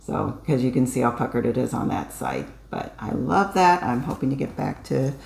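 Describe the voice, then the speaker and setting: A woman's voice: rumbling low, very animated, normal speed, gravelly, darkish tone. A woman co-hosting a casual craft chat, talkative, with many fillers and restarts. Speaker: co-host. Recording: echoey room.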